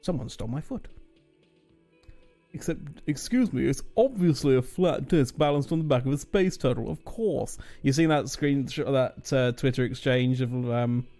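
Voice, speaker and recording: A man's voice: medium pitch, normal speed, warm tone, faint music behind. A man streaming a game, chatting casually with joking, rambling asides. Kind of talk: casual gaming commentary.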